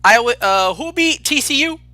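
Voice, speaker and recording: A high-voiced man with a very bright, sharp tone talks football picks in an excitable, rambling way, often restarting his sentences. The sound is dry and close. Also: moderate pace, no room sound, faint music behind. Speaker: co-host picking games. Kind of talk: casual sports picks chat.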